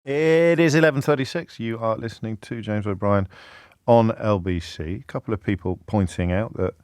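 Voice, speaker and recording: A middle-aged man hosts a radio phone-in from a studio mic, low-pitched and wry, looping through restarts as he builds a point. The sound is close and dry. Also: normal speed, darkish tone, no echo. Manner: wry, discursive, stumbling restarts. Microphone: studio microphone with headphones.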